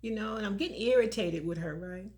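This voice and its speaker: A woman's voice: medium pitch, a little fast, darkish tone. A middle-aged woman hosting a motivational vlog, telling a personal story in a conversational way, laughing often and repeating phrases for emphasis. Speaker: motivational vlogger.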